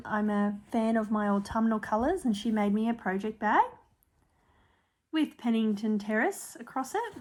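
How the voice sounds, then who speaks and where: Her mid-range voice has a darkish tone as this Australian woman, a cross-stitch vlogger, casually shows her projects on her own stitching channel. Ums and small apologies come up often in the chat.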